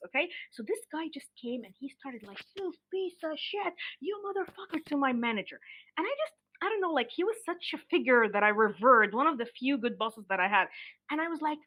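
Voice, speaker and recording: A woman's voice: fairly high pitch, bright, forceful tone, poor audio. A young woman from Alexandria telling a wild story in casual, profane podcast chat, laughing and acting out quotes. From Alexandria, Egypt. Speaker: podcast guest.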